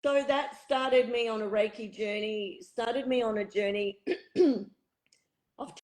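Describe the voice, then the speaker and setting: A middle-aged woman with a hoarse, husky voice, a spiritual retreat facilitator telling her story candidly in an interview. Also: a little high, fairly even intonation, normal speed, rough recording. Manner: candid, reflective, uses fillers. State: hoarse, croaky throat.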